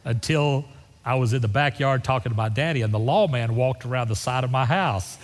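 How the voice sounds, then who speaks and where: Folksy preacher in a big hall. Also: male voice, medium pitch, a little fast. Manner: folksy storyteller building to fervent exhortation. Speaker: pastor. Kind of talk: sermon. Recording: reverberant church hall.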